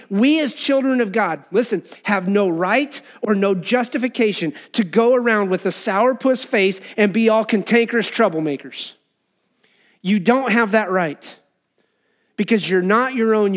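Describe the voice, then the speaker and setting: A man preaching an earnest, conversational sermon, acting out people's complaints as he goes. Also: sits high. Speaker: pastor.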